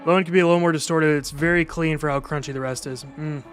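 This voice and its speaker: A man's voice: a little high, steady tone, fast. A young man streaming live, reacting to new music in a casual, enthusiastic way and chatting with his viewers.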